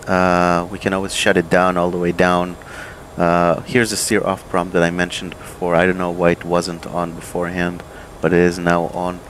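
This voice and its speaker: A man, an airline pilot, calmly walking through aircraft procedures in a relaxed, think-aloud way, with plenty of fillers and restarts. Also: deep voice, slight background noise, rough recording. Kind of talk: casual instructional walkthrough. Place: home desk with flight simulator.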